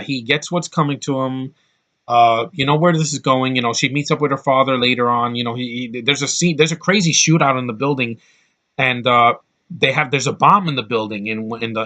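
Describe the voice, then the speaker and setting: A man's voice: mid-range voice, bright, forceful tone. A man giving a casual, rambling film review with blunt opinions and lots of restarts.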